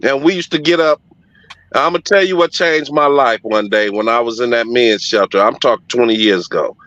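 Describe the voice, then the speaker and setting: A man's voice: medium pitch, moderate pace, a bit bright, dry recording. A middle-aged man telling a story in casual conversation, emphatic and profane but heartfelt. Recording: dull lo-fi audio, dry.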